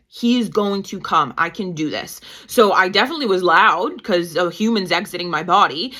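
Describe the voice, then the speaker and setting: A woman in her thirties, a midwife guest telling her story in a casual, animated way and acting out her own past lines. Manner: animated, quotes herself with pitch jumps. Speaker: guest, certified nurse-midwife and mother.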